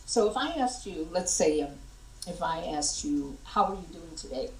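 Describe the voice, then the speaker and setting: A middle-aged American woman giving a lively conference workshop and demonstrating vocal tones to the audience. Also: low voice, moderate pace, slight background noise. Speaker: workshop presenter. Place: large conference hall. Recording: echoey hall, voice from far off.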